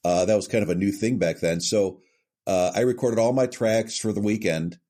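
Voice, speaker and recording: A man's voice: fairly low pitch, moderate pace, dark tone. A middle-aged man, a voice actor, chatting on a podcast and telling self-deprecating stories about his work. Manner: storytelling, self-deprecating, jumps into brief character voices. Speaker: voice actor guest. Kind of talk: casual podcast interview.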